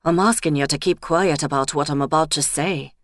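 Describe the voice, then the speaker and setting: A woman voicing a nervous young male police officer who speaks in a hushed, careful way. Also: a little high, fairly quick, no room sound, studio quality, natural voice. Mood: guarded, confiding.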